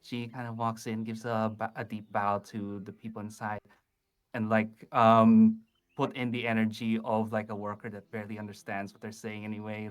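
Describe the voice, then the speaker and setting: A man's voice: lowish voice, level tone, moderate pace, smooth. Man describing his tabletop character. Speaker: player. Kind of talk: casual play talk.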